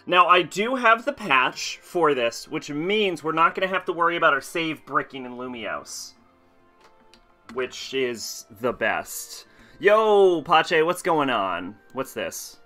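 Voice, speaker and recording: Bright-voiced chatty male streamer. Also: fairly high pitch, animated, slow pace, faint music behind. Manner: chatty, laughs often, answers chat. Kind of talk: casual game stream commentary.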